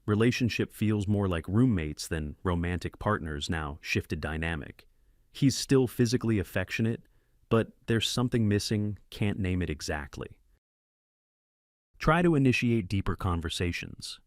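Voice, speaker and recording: A low-voiced man narrates a first-person story in terse, clipped fragments. The recording is dry and close, with no room sound at all.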